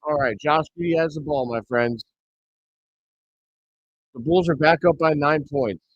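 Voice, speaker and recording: Streamer man, fairly high voice, dry dull home mic, excitable play-by-play caller. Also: measured pace, no echo. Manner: bursts into excited shouts on big plays. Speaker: host of a live reaction stream. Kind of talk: play-by-play commentary.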